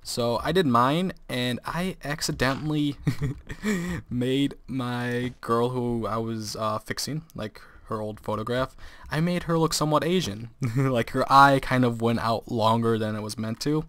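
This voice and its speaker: A man's voice: mid-range voice, a little slow, fairly bright tone. Teenage male gameplay commentator; casual, rambling storyteller who laughs a lot. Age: teens.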